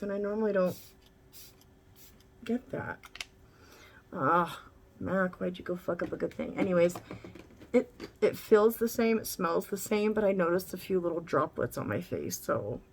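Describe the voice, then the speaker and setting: A woman's voice: fairly low pitch, slight background noise. A woman vlogger chatting casually through a makeup tutorial, candid and rambling, swearing now and then.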